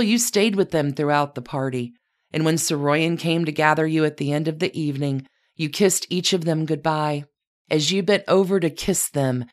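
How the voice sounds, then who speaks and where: A woman narrating a scripted story in a measured way, speaking directly to her subject as "you". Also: low voice. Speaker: podcast narrator.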